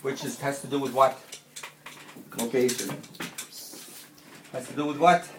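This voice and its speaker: A man's voice: mid-range voice, fairly even intonation, a little slow, noisy background. A man giving an informal Arabic lesson at home, patiently explaining and repeating phrases step by step.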